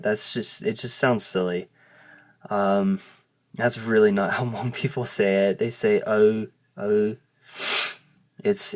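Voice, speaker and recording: A man who speaks English as his first language gives a casual video lesson, patiently explaining and sounding out vowels. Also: fairly low pitch. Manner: slow, patient explaining, modelling sounds aloud. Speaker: language teacher.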